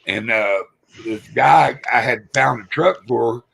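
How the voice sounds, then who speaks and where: A man tells a hunting tale in loose, folksy chat. His voice is gravelly and a bit husky, with a bright edge. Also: medium pitch, slow. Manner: folksy storyteller, acts out quoted people. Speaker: hunter telling a story. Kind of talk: casual chat.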